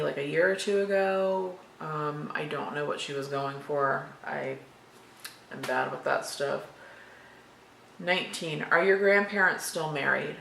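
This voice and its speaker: A woman's voice: low voice, vocal fry, a bit bright. A woman in her thirties from Florida casually reads tag questions aloud and answers them in a chatty, rambling way. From Florida, USA. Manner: chatty, rambling, matter-of-fact. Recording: echoey room with faint background noise.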